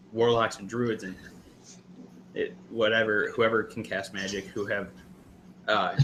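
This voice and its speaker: A man running a tabletop game as game master, narrating hesitantly with many pauses and fillers. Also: on the low side, bright, forceful tone, slight background noise.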